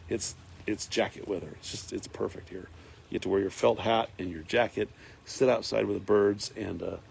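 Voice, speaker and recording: Man, deep gravelly voice, casual live-stream chat, reads comments aloud, faint background noise. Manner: rambling, reads viewer comments aloud, many fillers. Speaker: doctor hosting a live stream. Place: farm in Northern California.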